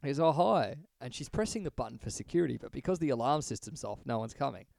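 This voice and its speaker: A man's voice: medium pitch, quick pace, no echo. A man, co-hosting a podcast and retelling a story in casual, swearing chat. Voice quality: gravelly, animated, swears freely. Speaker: podcast co-host.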